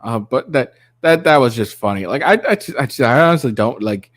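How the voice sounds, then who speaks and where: A man riffs on a viral clip in a crude, mocking ramble. He keeps breaking into giggles and lets his pitch bounce around a lot. He sounds close and dry, with no room sound. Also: animated, fairly quick, a bit bright, no room sound. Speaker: commentary channel host. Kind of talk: casual reaction commentary.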